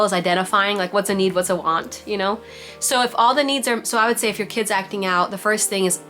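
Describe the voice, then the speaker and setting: Young mom on a video call, mid-pitch, talks through toddler tips in a loose, chatty way, soft music behind. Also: female voice. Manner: chatty, lots of "like" and "you know", warm mom-to-mom advice. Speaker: mom giving parenting advice to a support group. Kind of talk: casual advice talk on a video call. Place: home, on a virtual meeting. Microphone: computer mic on a video call.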